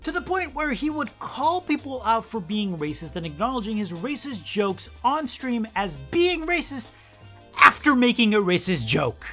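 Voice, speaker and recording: A woman's voice: fairly high pitch, sing-song, normal speed, pushed and bright, faint music behind. A young woman from the Netherlands with a Dutch accent, narrating a sarcastic, profanity-laced commentary video. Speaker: YouTube commentator.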